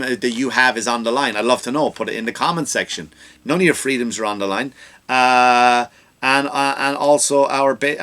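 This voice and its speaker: Man, comedy podcast host, ranting monologue, bright edgy tone, medium pitch, studio mic. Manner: animated ranting, rising to loud mocking outbursts. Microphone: studio microphone.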